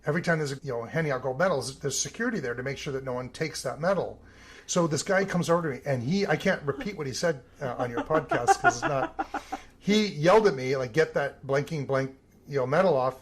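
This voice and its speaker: A man, an Olympic team photographer, telling lively stories in a podcast interview and acting out the voices of the people he quotes. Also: on the high side, fast talker, breathy edge. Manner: animated storyteller, acts out quoted voices.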